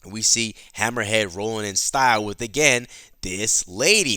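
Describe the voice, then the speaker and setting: A man hosting a casual comic book recap in a chatty, animated storytelling manner. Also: medium pitch, moderate pace, clear, resonant tone, no echo, clean studio sound.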